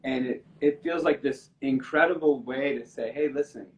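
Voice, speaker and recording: A man's voice: mid-range voice, normal speed, dull audio, a little hiss or hum. A man chatting on a live stream, telling a story earnestly and emotionally, with many restarts. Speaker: musician guest on a live stream. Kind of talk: casual storytelling chat.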